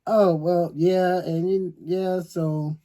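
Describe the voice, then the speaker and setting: A middle-aged man co-hosting a storytime chat, telling stories with animated energy and acting out the voices of others. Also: sits high, takes it slowly. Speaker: co-host.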